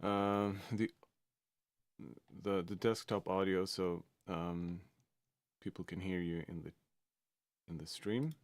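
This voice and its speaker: A man's voice: sits low, fairly even intonation, slow, long pauses, no room sound. A man from Sweden, a music producer talking casually on a livestream, hesitant and full of fillers and restarts.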